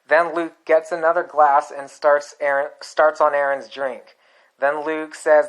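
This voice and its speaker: A man narrating a screenplay aloud in a plain, unhurried, deadpan way. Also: on the high side, rough recording.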